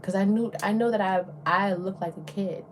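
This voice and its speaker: A young woman with a Southern US accent, a beauty influencer rambling casually through a get-ready-with-me chat and slipping into soft whispers. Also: mid-range voice, fairly even intonation, normal speed, slight background noise. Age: young adult.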